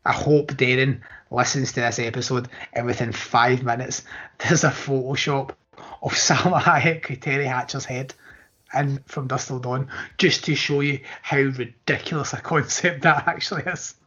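A man's voice: mid-range voice, steady tone, moderate pace, a bit bright, slightly rough. A man co-hosting a podcast in casual, joking, sweary chat. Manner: laid-back, joking, sweary. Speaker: podcast co-host. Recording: muffled lo-fi podcast audio.

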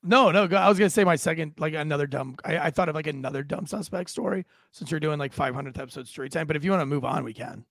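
A man's voice: a little high, fast talker, creaky, hardly any pauses, a bit bright, no echo, studio quality. A man co-hosting a podcast, telling rambling crude stories from his police work in casual chat. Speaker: podcast co-host, police officer.

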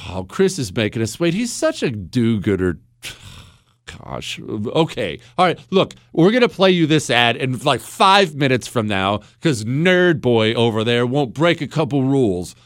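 Blunt, lively-pitched male radio host. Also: a little slow, no echo, clean studio sound. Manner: blunt, sarcastic, animated. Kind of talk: talk radio monologue. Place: radio studio. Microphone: studio microphone.

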